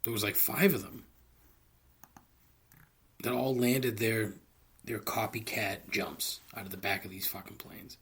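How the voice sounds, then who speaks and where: A man's voice: on the low side, fairly even intonation, a little slow, pauses often, a bit bright, breathy edge. A man hosting a solo comedy podcast, rambling profanely into a close microphone and laughing at his own jokes. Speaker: podcast host. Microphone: close studio microphone.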